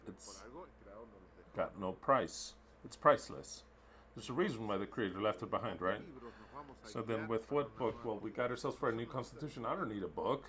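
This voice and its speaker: A man's voice: on the low side, fairly bright tone. Emphatic male sermon interpreter. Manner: emphatic, repetitive, blunt.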